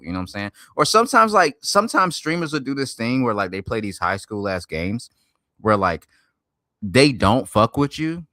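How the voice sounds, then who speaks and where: A man streaming and reacting to a video, talking loudly in profane slang and swinging between hype and mumbles. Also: fairly low pitch, expressive, a little fast, dry recording, studio quality. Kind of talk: casual reaction stream chat.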